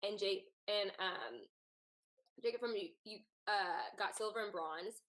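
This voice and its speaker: A woman's voice: mid-range voice, measured pace, a bit bright. A woman hosting a casual sports chat, talking in a loose, chatty way with many fillers. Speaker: host.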